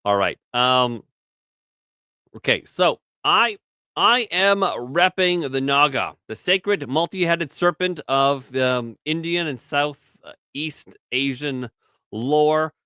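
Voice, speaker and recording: Man, 30s, podcast co-host; loose, swearing, stop-start rambler, lively pitch. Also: slow, clear, resonant tone, dry recording, studio quality. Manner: rambling, profane, restarts words often. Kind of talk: casual podcast banter.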